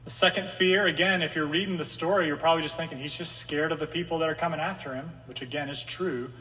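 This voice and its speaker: A male pastor gives a sermon in a relaxed, conversational way, with a slightly higher than usual voice. Now and then he steps into the psalmist's pleas. His voice carries a long reverb, as if it were filling a large hall. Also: fast talker. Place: room with an audience.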